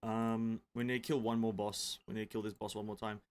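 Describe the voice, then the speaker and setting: Chatting with his live-stream audience as he plays, this European gamer swears freely and trades banter with viewers. His voice sits on the low side, stays level in tone, and moves fairly quickly.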